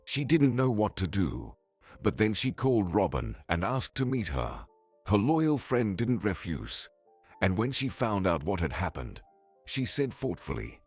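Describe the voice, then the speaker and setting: Male story narrator, very deep, husky, lively pitch. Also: a little slow, dry recording, soft background music.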